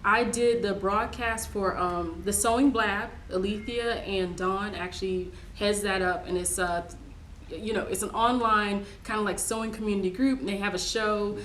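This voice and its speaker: A woman co-hosting a casual chat about sewing, talking in a chatty way that bursts into excited high exclamations. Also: normal speed. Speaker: co-host. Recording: roomy studio with faint hiss.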